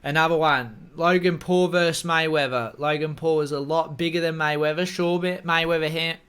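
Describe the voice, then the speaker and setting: An MMA commentary YouTuber talks casually to camera, rambling through opinionated takes on fights and swearing freely. His voice is fairly high and fairly bright, with fairly even intonation, normal speed, and a clean tone.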